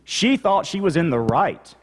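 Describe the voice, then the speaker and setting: A man's voice: fairly high pitch, very animated, measured pace, breathy edge. A male pastor preaching a teaching sermon, explaining the text and repeating key points for emphasis.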